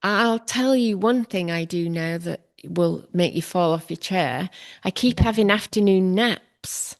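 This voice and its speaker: Low gravelly-voiced woman, reflective. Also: a little slow. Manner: reflective, self-deprecating, frequent laughter. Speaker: artist and interview guest. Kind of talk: candid conversational interview.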